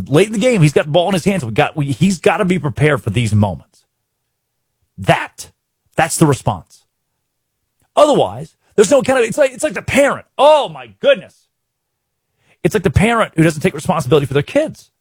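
Animated, husky-voiced sports host. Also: male voice, high-pitched, moderate pace, long pauses, dry recording, studio quality. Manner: excitable, talks in bursts with repeats and restarts.

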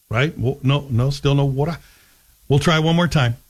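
On his morning talk radio show, a man with a husky, medium-pitched voice speaks at a moderate pace, offering relaxed commentary full of dry humor and jokes at his own expense.

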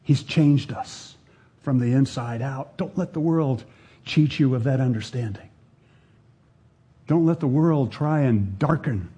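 An older man preaching a sermon, speaking deliberately, repeating his phrases and sinking to a hushed voice to drive a point home. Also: mid-range voice, breathy edge.

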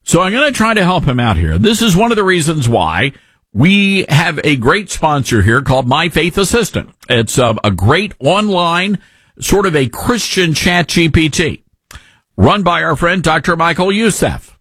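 A man's voice: on the high side, big pitch swings, moderate pace, fairly bright tone, slightly rough, no room sound. A man hosting an opinionated commentary show, indignant and preachy, quoting scripture.

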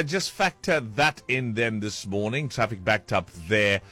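A man's voice: on the low side, unhurried, few pauses, bright, forceful tone. A man hosting a breakfast radio show in a loose, chatty way. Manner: loose, chatty delivery with fillers. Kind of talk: casual radio presenting.

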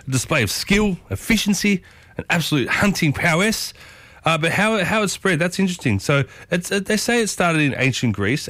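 A man's voice: mid-range voice, a bit bright, no echo. A man hosting a radio show, chatty and enthusiastic, often calling his listeners folks. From Italian heritage. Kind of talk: casual radio talk segment. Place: radio studio.

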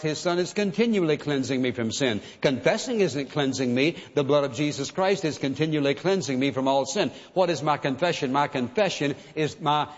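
A man delivers a sermon in an earnest, emphatic manner, now and then acting out pleading prayers. His voice sits a little high. The sound is dull and carries a long hall reverb. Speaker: preacher.

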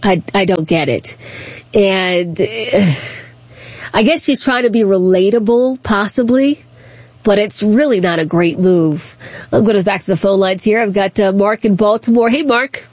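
A woman hosting a call-in radio talk show, chatty and quick, laughing often between points. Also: mid-range voice, a little mellow, no room sound.

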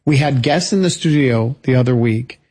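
A man co-hosts a radio talk show with a husky voice at a middle pitch. He tells stories in a chatty, joking way. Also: moderate pace, darkish tone. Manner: chatty storyteller, jokey. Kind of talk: casual chat.

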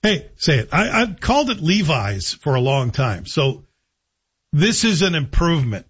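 A man's voice: fairly high pitch, big pitch swings, unhurried, fairly bright tone, slightly rough. A man hosting a talk radio show, giving opinionated commentary with sarcastic, joking asides. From Canada. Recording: dull lo-fi broadcast audio.

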